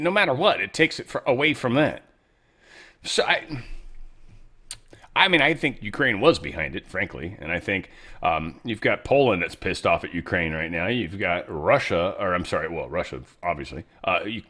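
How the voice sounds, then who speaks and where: A man's voice: lowish voice, sharp tone. A man hosting casual political commentary, rambling and profane with sarcastic asides. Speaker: show host.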